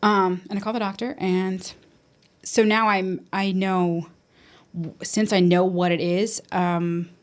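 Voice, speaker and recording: Candid woman telling a halting story. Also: fairly low pitch, flat delivery. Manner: halting, many restarts and quoted self-talk. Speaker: guest.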